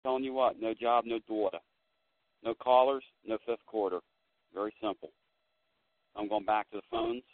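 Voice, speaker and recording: A man hosts a call-in sports talk show and rants to his listeners, dropping to a mutter and then flaring up loud. His voice comes through thin and tinny like a phone line. The sound is dry, with no room around it. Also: on the low side, fairly even intonation, normal speed, pauses often, no echo. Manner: fired-up, ranting, swings between muttering and loud.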